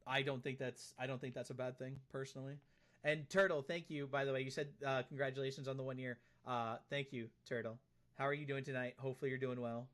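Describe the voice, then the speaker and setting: A man's voice: mid-range voice, flat delivery, quick pace, a bit bright. A man streaming live, chatting casually and reading out and answering comments from his chat, often repeating himself.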